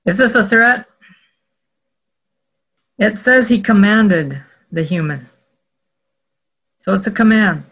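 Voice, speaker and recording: A Bible teacher works carefully through scripture in an explanatory talk, moving step by step at a measured pace. He often stops mid-sentence to correct himself and rephrase. His middle-pitched voice has a fairly bright tone, and the recording is rough.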